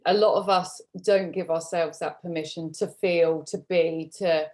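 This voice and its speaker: A woman hosting a podcast, affirming her guest with soft "mm"s before adding her own reflections. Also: lowish voice, steady tone, unhurried. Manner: affirming, many soft "mm" backchannels. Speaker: podcast host. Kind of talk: conversational interview.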